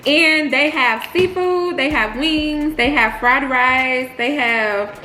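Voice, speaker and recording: A young woman with a drawl and a high, bright voice, giggly and chatty as she hosts a mukbang. Her voice bounces around an echoey room over a faint hum. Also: slow pace, faint music behind. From Texas, United States. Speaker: co-host of a couples channel. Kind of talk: casual mukbang chat.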